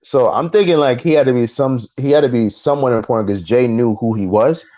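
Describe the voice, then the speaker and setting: A man co-hosting a casual podcast chat, recounting a story in an animated way and acting out the voices of the people in it. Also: medium pitch, fairly quick, no echo, dull audio. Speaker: podcast co-host.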